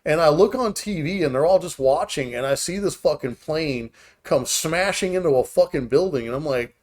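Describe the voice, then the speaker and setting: A man's voice: on the high side, moderate pace, a little mellow. A man in his forties hosting a podcast, telling a story in loose, profane, rambling talk. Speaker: podcast host. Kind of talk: casual chat.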